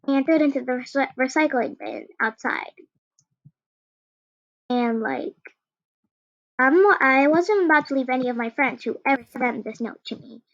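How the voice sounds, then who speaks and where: High-voiced teen girl telling a story. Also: a bit bright, no room sound, highs cut off. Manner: rambling, many "like" and restarts. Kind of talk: casual storytime.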